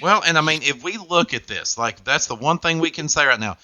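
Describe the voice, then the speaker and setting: A man's voice: on the high side, animated, a little fast, pushed and bright, dry recording. A man hosting a game show, with upbeat, jokey patter.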